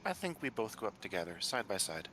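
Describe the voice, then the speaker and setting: Male tabletop player, bright lively voice, easygoing. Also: on the low side, fast talker. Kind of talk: casual tabletop play.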